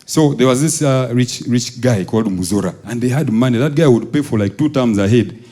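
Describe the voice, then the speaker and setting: A Ugandan stand-up comedian tells school stories at a live show, with the audience laughing along. His voice is brisk and warm, and he acts out quoted voices, leaping high and dropping low.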